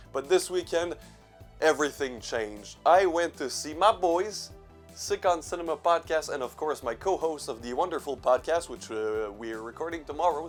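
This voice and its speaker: A young man hosting a casual vlog, stuffy from allergies, rambling, self-mocking, swearing and laughing as he goes. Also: mid-range voice. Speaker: horror movie channel host.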